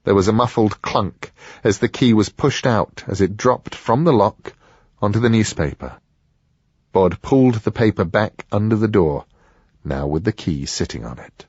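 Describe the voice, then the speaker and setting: A man narrating an audiobook in a measured storytelling manner. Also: on the low side, a little mellow, husky, dry recording, muffled recording.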